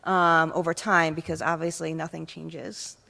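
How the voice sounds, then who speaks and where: A woman panelist with a fairly low voice talks in a loose, rambling way, leaning on fillers. Her voice carries the long reverb of a big hall. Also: flat delivery, moderate pace, gravelly, pushed and bright. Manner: casual, rambling, filler-heavy. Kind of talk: panel discussion.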